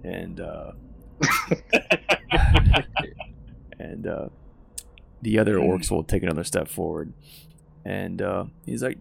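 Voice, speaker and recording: Gravelly-voiced man running a tabletop game. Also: low voice, slow, pauses often. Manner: relaxed, chuckling narration with frequent fillers. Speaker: game master.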